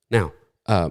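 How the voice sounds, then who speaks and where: A middle-aged pastor preaches in a conversational, storytelling style, frequently restarting his sentences. His voice is lowish and darkish in tone.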